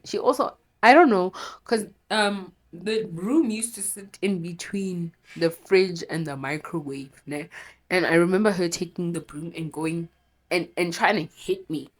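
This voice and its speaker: A young woman talks through a painful memory, her low voice thick and teary from crying. She rambles, corrects herself and swears freely, raw and unpolished. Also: normal speed. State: teary, runny nose from crying. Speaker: storytelling vlogger. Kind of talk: candid personal storytime.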